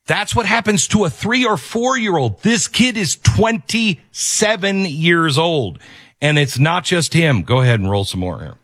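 A man's voice: on the high side, lively intonation, measured pace, a bit bright, no echo, clean studio sound. Emphatic male commentary host. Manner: emphatic, repeats key phrases. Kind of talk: opinionated commentary.

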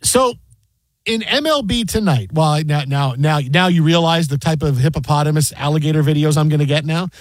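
A male sports talk host with a fairly high voice tells long, rambling stories in a casual, animated way. He sometimes drops into mock play-by-play. The sound is dry and close, with no room echo. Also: a little fast. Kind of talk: casual sports radio chat.

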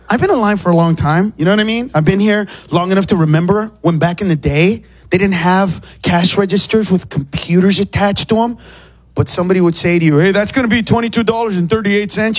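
High-voiced ranting stand-up comedian. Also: male voice, slightly rough. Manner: ranting, exasperated, acts out shouted exchanges. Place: comedy club with a laughing audience. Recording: live club recording with crowd noise.

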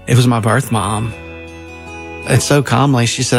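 A man's voice: mid-range voice, fairly even intonation, unhurried, soft background music. A minister in his fifties tells his adoption story in an earnest, heartfelt way, often restarting his sentences. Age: 50s. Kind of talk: personal storytelling.

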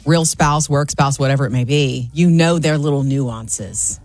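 A woman's voice: very deep voice, a little slow, dry recording, faint music behind. A woman co-hosting a morning radio show, telling a story in casual banter and acting out what people said, laughing often. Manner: animated storyteller who acts out quotes and laughs often.

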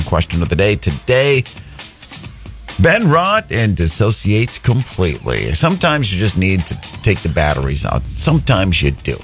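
A man hosting a morning radio show, chatty and upbeat, punching words for emphasis over a faint music bed. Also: sits low. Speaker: radio host.

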